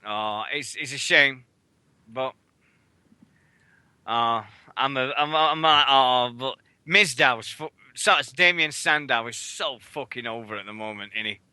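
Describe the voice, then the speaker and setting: A man's voice: mid-range voice, measured pace, sharp tone, smooth, dry recording. A British man hosting a wrestling radio show, swearing constantly as he rambles through stories. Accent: British English. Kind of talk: casual chat.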